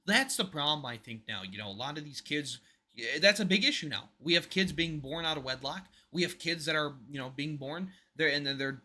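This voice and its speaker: A man's voice: on the high side, pushed and bright. A man co-hosting a podcast, talking in casual opinionated chat. He is emphatic and rambling, and his voice drops to a mutter at the ends of his points. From United States. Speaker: podcast co-host.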